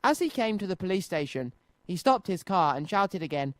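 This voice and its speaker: Man reading children's story, high voice, lively, dry studio sound. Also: normal speed, no room sound. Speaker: radio children's show presenter. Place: radio studio.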